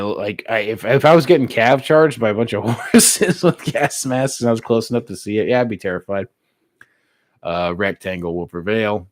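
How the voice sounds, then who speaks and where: An American man casually chatting with his live-stream viewers, relaxed and laughing easily, with plenty of filler words. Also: deep voice, no room sound, clean studio sound. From United States. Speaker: streamer reading live chat.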